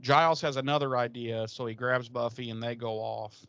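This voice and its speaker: A man co-hosting a casual podcast, retelling scenes in an animated way, swearing freely and acting out the characters' lines. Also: mid-range voice, normal speed, clean tone, dry recording, muffled recording. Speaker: podcast co-host. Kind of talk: casual recap chat.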